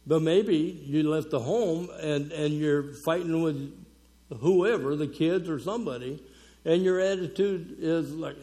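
A man's voice: fairly high pitch, a little slow, mellow. A man preaching to a women's conference in a folksy, conversational way, with fillers and small chuckles. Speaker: conference speaker. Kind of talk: conversational sermon.

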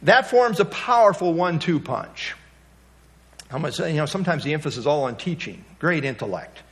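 High-voiced man preaching a sermon. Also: expressive, moderate pace. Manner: conversational storytelling, folksy asides. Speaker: pastor.

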